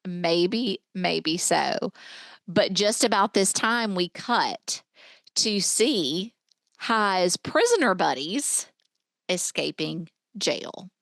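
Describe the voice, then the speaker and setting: A woman's voice: fairly low pitch, animated, very slow, creaky, fairly bright tone, no room sound. A woman co-hosting a movie podcast, chatting casually and recapping scenes with many fillers. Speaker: podcast co-host.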